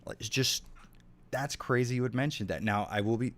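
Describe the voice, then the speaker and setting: In a brisk, mid-range voice, a man streams a game and chats casually with his viewers. He swears often and reacts to their messages.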